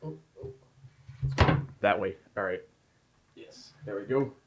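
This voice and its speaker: A man hosting a podcast, jokey and quick to laugh. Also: on the low side, very noisy. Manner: jokey, laughing often, animated. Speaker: podcast host. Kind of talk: casual podcast chat. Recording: dull lo-fi podcast audio.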